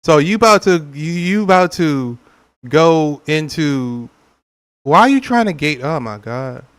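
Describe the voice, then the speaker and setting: A young man from California chats with viewers while he plays a game, joking and laughing often. His voice sits a little high and comes across smooth and clear. He talks in a loose, rambling way and sometimes acts out silly quotes. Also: animated, unhurried. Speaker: gaming streamer. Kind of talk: casual gameplay chat with viewers.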